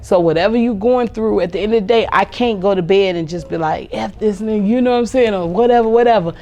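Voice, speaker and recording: A woman in her forties hosting a podcast, talking casually about raising kids with a sarcastic, animated way of telling stories. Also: medium pitch, quick pace, dull audio. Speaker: podcast host.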